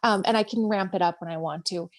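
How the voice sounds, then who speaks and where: A woman's voice: mid-range voice, fast talker. Interview guest: woman, Minnesota accent, earnest and chatty, laughs easily, mid-range voice, video call. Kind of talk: casual interview chat.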